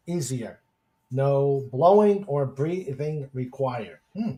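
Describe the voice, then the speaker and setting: A man's voice: mid-range voice, lively intonation, takes it slowly, a little mellow. A man hosting a casual podcast stream, chatting with guests and reading viewer comments aloud, with lots of fillers and chuckles. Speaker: podcast host.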